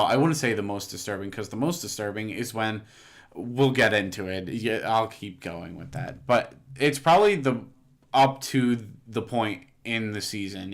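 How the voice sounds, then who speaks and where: Young male podcast co-host, a bit low-pitched, eager and interjecting. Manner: eager, jumps in with corrections and asides. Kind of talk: casual chat.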